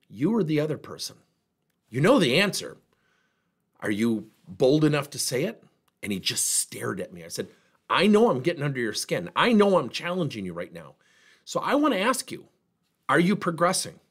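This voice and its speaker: Animated husky-voiced male trainer. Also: mid-range voice. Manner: animated storyteller, plays out dialogue. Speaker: workplace trainer and speaker. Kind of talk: motivational talk.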